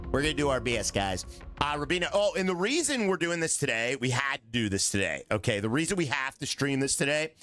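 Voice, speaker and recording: A middle-aged man streaming a game live, excitable and joking as he chats with his viewers. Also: medium pitch. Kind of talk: live gameplay commentary.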